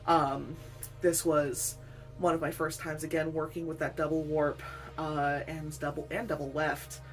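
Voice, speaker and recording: A woman's voice: low voice, little pitch movement, unhurried, faint music behind. A woman weaver chatting in a rambling, self-deprecating way during a casual unboxing vlog, laughing often. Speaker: weaver, channel host.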